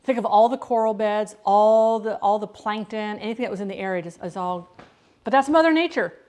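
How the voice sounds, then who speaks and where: A woman's voice: mid-range voice, brisk, darkish tone. A middle-aged woman chatting casually with her live-stream viewers as she cooks in her home kitchen, rambling with frequent restarts. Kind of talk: casual live-stream chat while cooking.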